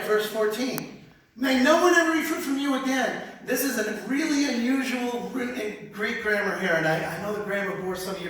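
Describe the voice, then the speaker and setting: A man with a high voice gives an animated, conversational Bible lesson, often repeating words as he talks. He sounds far from the microphone, and his voice booms around a large, very echoey hall. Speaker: Bible teacher. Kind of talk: sermon-style Bible teaching.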